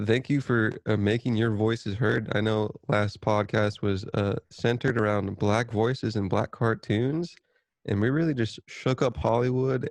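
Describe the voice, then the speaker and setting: A man's voice: lowish voice, dry recording. A young man co-hosting a podcast, joking and swearing in loose casual chat. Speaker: podcast co-host.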